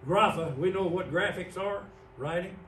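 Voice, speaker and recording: A man's voice: sits high, moderate pace, fairly bright tone, slight background noise. A man preaching an evening sermon as pastor, explaining words on a screen step by step. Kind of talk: evening sermon with Bible teaching. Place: church sanctuary. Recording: roomy church sound from a distant mic.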